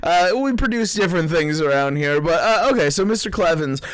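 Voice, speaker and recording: Male comedy call-in host, playful and giggly; higher voice, dry close sound. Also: lively intonation, brisk, no echo. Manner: playful, laughs often, stammers.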